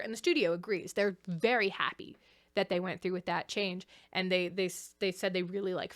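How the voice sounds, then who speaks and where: A young woman hosting a casual commentary video essay, chatty and animated, laughing often. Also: mid-range voice.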